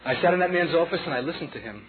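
A man with a Brooklyn accent preaching a sermon, telling a story dramatically and dropping from loud to hushed as he addresses the congregation as children. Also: fairly high pitch, animated, very fast, a little hiss or hum. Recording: tinny phone-like sound with audience.

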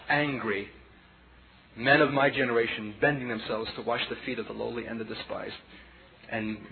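A man in his forties preaching a personal testimony sermon, impassioned and dramatic, swinging between hushed passages and loud outbursts. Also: mid-range voice, gravelly. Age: 40s. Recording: tinny lo-fi sermon tape with audience noise.

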